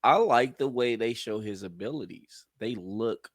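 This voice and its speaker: A relaxed man co-hosting a casual anime chat show. His pitch sits in the middle for a man, and his voice sounds dry and close, with no room echo. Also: unhurried. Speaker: co-host. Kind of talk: casual discussion.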